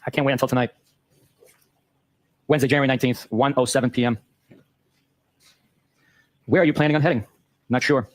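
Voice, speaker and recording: A man hosting a show, reading a long exchange of text messages aloud in a brisk, matter-of-fact way. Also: mid-range voice, steady tone, no room sound. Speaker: host.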